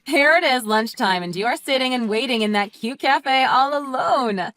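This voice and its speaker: A woman's voice: high voice, animated, moderate pace, fairly bright tone, no echo, soft background music. A woman voicing a petty, taunting woman in a text-message story, speaking with a sing-song mockery. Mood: mocking. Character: snide gossiping woman, mocking and petty.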